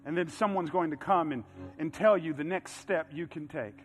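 A man's voice: fairly high pitch, moderate pace, big-room sound, soft background music. A male pastor preaching a sermon, building to emphatic peaks as he drives his points home.

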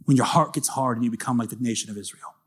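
A man preaches in an easy, conversational way, earnest and direct with his listeners. His voice sits at an ordinary middle pitch. It sounds like a relaxed church talk rather than a formal address. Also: rapid-fire, breathy edge. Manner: casual, earnest, acts out short quoted lines. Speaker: pastor. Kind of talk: conversational sermon.

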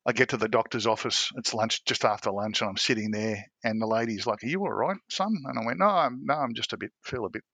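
A middle-aged Australian man tells a long story in a podcast interview. His voice sits a little low but sounds bright and forward, and he slips into the voices of the people he describes. The sound is dry and close, with no room around it. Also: fast, few pauses, no room sound. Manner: animated anecdotes, acts out voices of others, frequent restarts. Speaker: podcast guest, former police commander.

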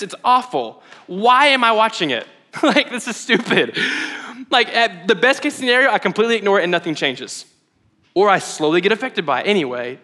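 Young man, pastor, conversational sermon, bright tone, self-deprecating laughs. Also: high voice. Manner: casual, candid, laughs at himself.

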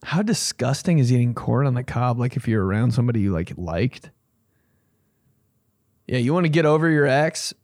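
Animated, joking male comedian host. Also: mid-range voice, normal speed, long pauses, dry recording, studio quality. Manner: animated, swears casually, acts out quotes. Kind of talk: casual comedic monologue.

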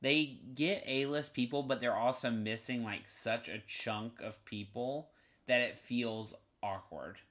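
Chatty bright-voiced man hosting a podcast. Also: mid-range voice, measured pace. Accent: Southern US. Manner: chatty, enthusiastic, lots of "like" fillers. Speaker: podcast host. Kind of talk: casual chat.

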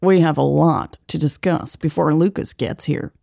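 A woman's voice: low voice, normal speed, creaky, warm tone, dry recording, clean studio sound, exaggerated voice. A woman voicing a cocky young male officer with a nasal voice, speaking in a casual, offhand way.

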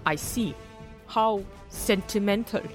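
A woman's voice: mid-range voice, slow, soft background music, lightly acted. A woman playing a stern female Nazi job interviewer in a comedy sketch, with a put-on German accent and a clipped, officious manner. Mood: haughty, officious.

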